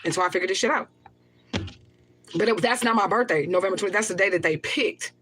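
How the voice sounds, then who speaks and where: A woman's voice: mid-range voice, quick pace, crowd noise. Woman ranting emotionally on a livestream. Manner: rambling, profane, reads viewer comments aloud; repeats herself, flares up in anger. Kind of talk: emotional livestream talk to viewers.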